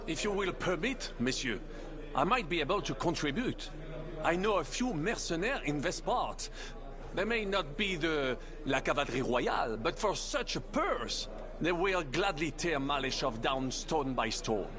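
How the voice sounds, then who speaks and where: A courteous mercenary captain speaks in a formal, obliging way. His voice sits a little high. Game audio carries a busy tavern murmur behind him. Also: expressive, measured pace, crowd noise. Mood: polite. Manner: formal, polite offer. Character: courteous male French mercenary captain, adult.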